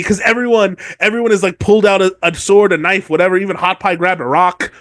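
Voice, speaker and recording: A woman's voice: medium pitch, fairly even intonation, quick pace, few pauses, no room sound. A woman co-hosting a podcast, recapping book chapters in a rambling, profane way, correcting herself as she goes. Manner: rambling, profane, self-correcting, acts out characters. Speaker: podcast co-host.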